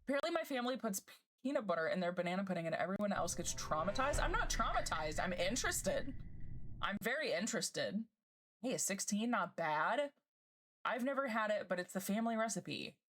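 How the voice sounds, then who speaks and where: A woman streamer chatting casually with her live chat, bubbly and gushing and quick to laugh. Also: medium pitch, very animated.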